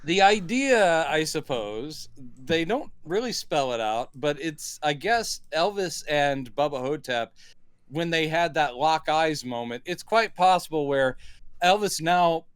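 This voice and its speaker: A man with a fairly high, smooth and resonant voice, chatting casually about a movie on a podcast. He thinks aloud, hedges his points and laughs easily. The sound is close and dry. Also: animated, measured pace, dry recording. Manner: thoughtful, hedging, laughs easily. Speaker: podcast co-host. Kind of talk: casual movie review chat.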